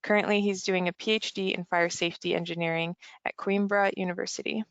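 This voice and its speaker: A woman's voice: on the low side, steady tone, fast, fairly bright tone, clear, resonant tone, no room sound, dull audio. A woman, an event manager, moderating a webinar and reading out logistics and the speaker's introduction from a script. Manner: reads from a script, businesslike.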